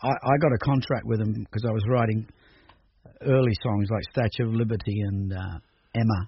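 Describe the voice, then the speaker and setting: A man's voice: fairly low pitch, fairly even intonation, a little fast, husky. An older man from Australia, talking through his music career in a rambling, hesitant radio interview full of restarts. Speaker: musician guest. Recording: dull radio recording with faint noise.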